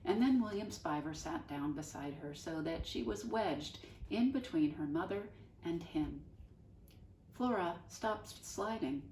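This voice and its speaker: Brief: low, mellow woman reading a storybook aloud, roomy sound from a distance. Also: lively intonation, measured pace, slight background noise. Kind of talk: reading a children's novel aloud.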